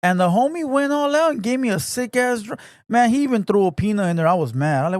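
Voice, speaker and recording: A man hosting a casual livestream podcast, talking in profane, slangy street talk full of shout-outs. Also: high-pitched, animated, fast talker, dry recording, clean studio sound. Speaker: podcast host.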